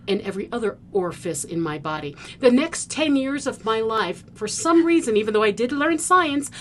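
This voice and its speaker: A woman from the Philippines, a podcast host, telling a personal story in an animated way and acting out the scenes. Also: fairly high pitch, a little hiss or hum. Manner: vivid storyteller who acts out the scenes.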